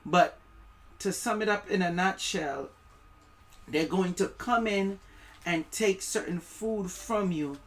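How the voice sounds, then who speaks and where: West indian guy on a live stream, slow preachy rambling, bright voice, trips over words. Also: sits high. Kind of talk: live-stream commentary, reading aloud.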